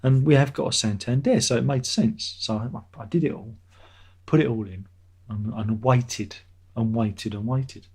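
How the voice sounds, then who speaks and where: A man's voice: medium pitch, unhurried, darkish tone, husky. A middle-aged man hosting a casual live stream, reading out chat messages and rambling sarcastically, often laughing at his own jokes.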